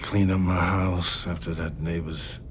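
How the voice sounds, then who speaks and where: A mumbling deep-voiced tough guy. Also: level tone, measured pace, a little hiss or hum. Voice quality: mumbling, laid-back delivery. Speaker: action film lead. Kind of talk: film dialogue clips. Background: film score.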